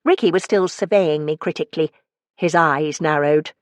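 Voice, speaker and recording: Woman narrator, low, expressive, wry; dry close studio sound. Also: moderate pace, dry recording. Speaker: audiobook narrator. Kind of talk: scripted audiobook narration.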